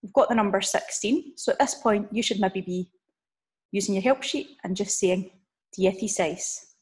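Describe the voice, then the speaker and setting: A woman teacher giving a recorded online lesson, drilling numbers slowly and checking in with "okay?" as she explains. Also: mid-range voice. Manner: slow, drawn-out drill of numbers with frequent "okay?" check-ins. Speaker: language teacher.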